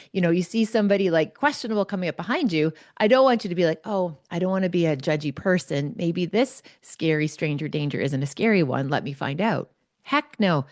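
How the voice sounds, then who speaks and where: A woman host telling a personal story in an animated, chatty way, peppered with "like". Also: fairly low pitch, no echo, studio quality. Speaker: podcast host, psychologist.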